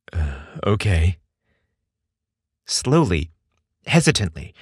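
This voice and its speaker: A man reading a scripted story aloud with expressive, measured storytelling. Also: mid-range voice, dry recording, studio quality. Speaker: narrator.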